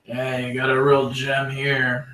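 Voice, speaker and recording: A man's voice: mid-range voice, monotone, a little slow, bright, forceful tone. A man playing a tabletop game, describing his character's moves. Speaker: player. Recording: roomy, distant mic, clear noise.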